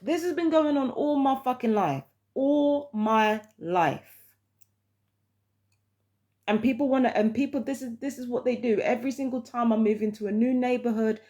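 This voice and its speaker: A woman's voice: fairly high pitch, darkish tone. A woman, ranting heatedly and with lots of swearing in a casual vlog monologue. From London, England. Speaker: vlogger.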